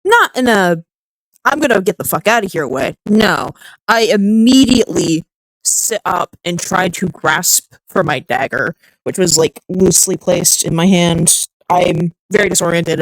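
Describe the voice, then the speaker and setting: A woman's voice: on the low side, a little slow, dry recording, rough recording. A woman player speaking in character in a tabletop game, brash, profane and combative. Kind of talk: in-character tabletop role-play.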